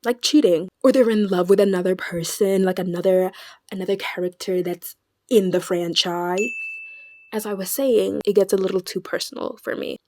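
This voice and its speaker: Animated young woman vlogger, dry sound. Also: mid-range voice, moderate pace, dry recording. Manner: animated and dramatic, with stammered restarts. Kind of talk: casual chat.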